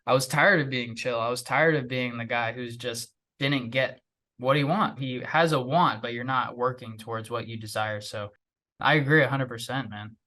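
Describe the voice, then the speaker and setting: A man's voice: medium pitch, moderate pace, bright, forceful tone. A man hosting a podcast conversation, laid-back and agreeable.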